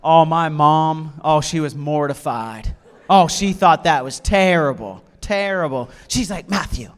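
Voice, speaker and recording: In this humorous storytelling sermon, a man speaks with a fairly high, smooth voice at a measured pace. He's a lively, jokey preacher who recounts funny episodes from his own life and performs the dialogue himself.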